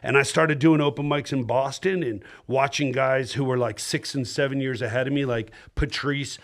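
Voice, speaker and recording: A man's voice: medium pitch, moderate pace. A middle-aged man from New Jersey, a stand-up comedian chatting casually and acting out stories with lots of laughter. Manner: animated storyteller, acts out voices and laughs a lot. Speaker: stand-up comedian, podcast guest. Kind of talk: casual chat.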